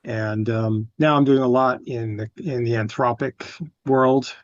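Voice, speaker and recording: A man's voice: mid-range voice, fairly even intonation, unhurried, no room sound. Man participant, polite and long-winded, dry dull call audio. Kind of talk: casual chat on a video call. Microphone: video call.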